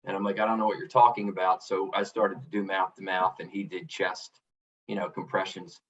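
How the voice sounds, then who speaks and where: A man's voice: low voice, level tone, fairly quick, fairly bright tone, distant mic, lo-fi sound. A middle-aged man, a podcast guest, telling a personal story earnestly and reflectively, often restarting with "you know". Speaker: podcast guest, author and coach. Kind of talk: candid storytelling interview.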